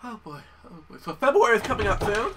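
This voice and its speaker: A man commenting on a video game as he plays, excitable and cursing, yelling at his partner in the game and talking himself through each step. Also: high voice, quick pace, recorded from a distance, a little hiss or hum. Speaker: gameplay commentator. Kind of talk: let's play commentary. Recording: voice a bit off-mic, loud game music behind. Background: video game music.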